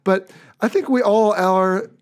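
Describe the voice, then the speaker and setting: An upbeat American man hosts a casual podcast. His voice sits a bit high for a man, and his talk is chatty and relaxed. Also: slow, clear, resonant tone. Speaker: podcast host.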